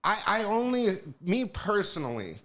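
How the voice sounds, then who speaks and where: A music executive appears as a podcast guest, telling stories casually and profanely while often asking "you know what I mean". His voice is high-pitched and fairly bright, very animated, at a moderate pace.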